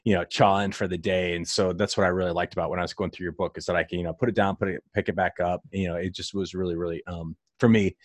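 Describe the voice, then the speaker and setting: A man with a fairly low voice hosts a relaxed interview. He chats easily and laughs often. His voice is recorded dry and close. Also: fast, few pauses, dry recording. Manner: laughs a lot, relaxed and chatty. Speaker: interview host. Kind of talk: casual interview chat.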